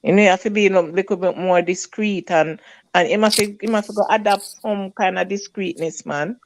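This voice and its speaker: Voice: mid-range voice, steady tone, moderate pace, a little hiss or hum. A Jamaican-accented panelist speaking earnestly and with caution. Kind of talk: casual panel chat.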